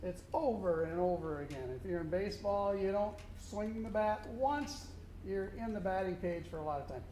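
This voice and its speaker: A man's voice: high-pitched, normal speed, dark tone. A man working as a contest judge, coaching a student band and singing rhythms aloud to show them. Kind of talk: instructional clinic to a student band. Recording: echoey room with faint noise.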